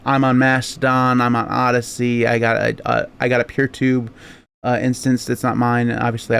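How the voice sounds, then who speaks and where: A man's voice: mid-range voice, smooth. A man hosting a tech podcast, rambling in a jokey, self-deprecating way with filler words. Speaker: podcast host. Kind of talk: casual podcast chat.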